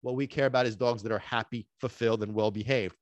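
Excitable man hosting a dog podcast. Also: medium pitch, fast, no room sound, highs cut off. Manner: excitable and emphatic, drops in Sicilian phrases, swears casually. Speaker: dog trainer and podcast host. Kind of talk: energetic solo podcast talk.

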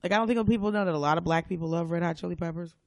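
A woman guest on a podcast, chatting casually and acting out the people in her stories in loud, lively voices. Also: fairly low pitch, very fast, no echo. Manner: animated storyteller, acts out quotes loudly. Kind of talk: casual chat.

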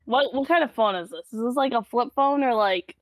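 A woman's voice: on the high side, expressive, fairly quick, no room sound. A woman playing a tabletop role-playing game, blunt and teasing. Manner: blunt, teasing, matter-of-fact. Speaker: player.

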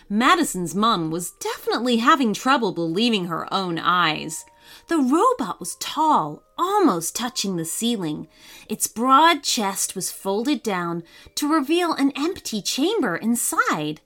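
A woman narrating a children's story in an expressive, sing-song way. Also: on the high side, a little slow.

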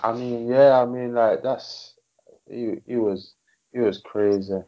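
A man with an English accent, a rapper guest in casual chat, relaxed and hesitant, laughing easily. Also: mid-range voice, slow pace, muffled recording. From England.

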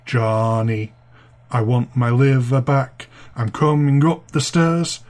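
A man voicing a vengeful corpse that calls out in a slow, sing-song chant. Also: mid-range voice, fairly even intonation, a little mellow, lightly acted. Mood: eerie chant. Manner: slow, drawn-out calling.

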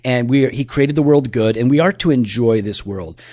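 A man's voice: mid-range voice, normal speed, dark tone, no echo, studio quality. A man co-hosting a casual theology podcast, earnest and a bit teasing, often restarting his sentences. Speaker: podcast co-host.

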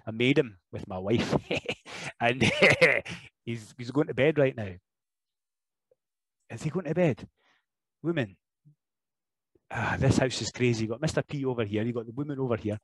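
Animated Scottish man, dry close sound. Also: mid-range voice, normal speed, long pauses, slightly rough, dry recording, poor audio. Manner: animated, jokey storyteller who slips into impressions and laughs. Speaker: professional wrestler guest. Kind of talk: casual podcast interview chat.

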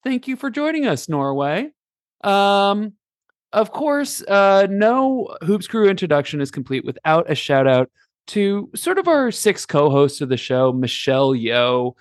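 A man's voice: high voice, sing-song, unhurried, dry recording, clean studio sound. A man hosting a casual podcast, playful and rambling, with many fillers. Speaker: podcast host. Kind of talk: casual chat.

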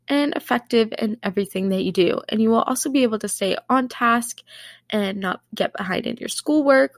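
A woman's voice: a little high, creaky, no room sound, clean studio sound. A young woman hosting a casual solo podcast, bubbly and chatty, her voice a little nasal from allergies. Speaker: podcast host.

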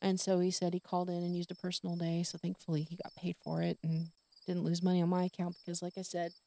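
A woman's voice: fairly low pitch, completely flat delivery, quick pace, vocal fry, warm tone. A middle-aged woman hosting a podcast, talking candidly and rambling in a casual monologue full of fillers and retold conversations. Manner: rambling, candid, with many fillers and quoted dialogue. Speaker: podcast host.

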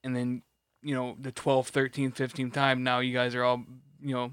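A man's voice: mid-range voice, completely flat delivery, moderate pace, a bit bright, smooth, no echo. A man ranting on a podcast, rambling with many restarts and plenty of swearing. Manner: rambling, restarts a lot, profane rant. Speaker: podcast co-host. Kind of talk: casual ranting chat.

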